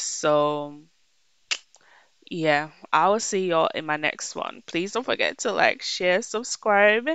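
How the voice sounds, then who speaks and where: Female gameplay host, expressive and chatty, smooth bright tone, relaxed unhurried delivery. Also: fairly low pitch, dry recording. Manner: expressive, exclaims and laughs at the game. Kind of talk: casual let's play commentary.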